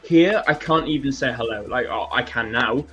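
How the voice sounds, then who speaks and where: A man telling travel stories in a casual live-stream chat, lively and quick to laugh. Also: mid-range voice, soft background music. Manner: animated storyteller, laughs often. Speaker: co-host. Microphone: video call or stream setup.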